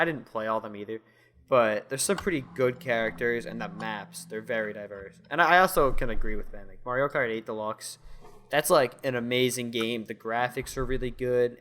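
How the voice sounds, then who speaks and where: Young dude hosting a chill podcast, stumbles and restarts a lot. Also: male voice, medium pitch, bright, forceful tone. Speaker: podcast host. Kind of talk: casual chat.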